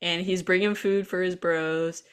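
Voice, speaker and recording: A young adult woman co-hosting a podcast, chatting casually as she recaps a cartoon and acts out bits of dialogue in quick put-on voices. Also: on the low side, smooth. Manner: animated storyteller, acts out lines in quick voices. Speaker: podcast co-host.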